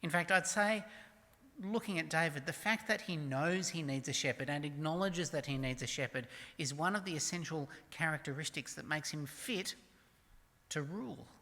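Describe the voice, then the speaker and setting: A church preacher, mid-range in voice, preaches with emphasis amid the sound of a big room. Scripture is read slowly and quietly, while the rest swings from loud declarations down to hushed near-whispers.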